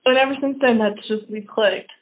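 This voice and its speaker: A woman's voice: a little high, normal speed. Young woman yakking thru a story, voices everyone, sounds tinny like a phone. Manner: animated, acts out quoted lines. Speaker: podcast co-host. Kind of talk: casual storytelling chat.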